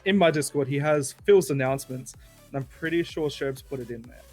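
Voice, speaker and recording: An easygoing man, a guest on a livestream, talks in a plain, even voice of middle pitch. He tells stories in a loose, sheepish way, with some faint music under him. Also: brisk. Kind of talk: casual stream chat.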